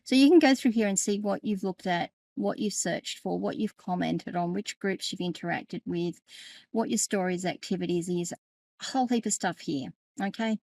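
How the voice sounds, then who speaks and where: A chatty, middle-aged woman explains a screen-share tutorial. Her voice sits at an ordinary pitch but has a lot of gravelly fry. The recording is close and dry, with no room sound. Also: normal speed, a little mellow, no room sound. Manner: chatty, laughs often, self-correcting. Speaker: tech educator and podcast host.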